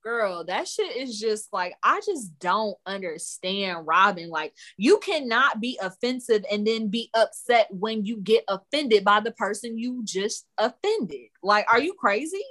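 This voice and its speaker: A woman co-hosting a casual podcast recaps a reality show bluntly, sassily and with plenty of profanity, retelling it animatedly with laughter. Her medium-pitched voice is unhurried, with few pauses.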